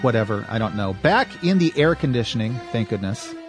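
A man's voice: medium pitch, sing-song, a little fast, faint music behind. Upbeat joking male podcast host. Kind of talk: casual chat. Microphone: studio microphone.

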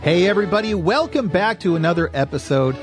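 A man's voice: sits high, expressive, fast, music in the background. A man hosting a podcast in casual, upbeat, joking chat at a microphone. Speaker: podcast host. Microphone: studio microphone.

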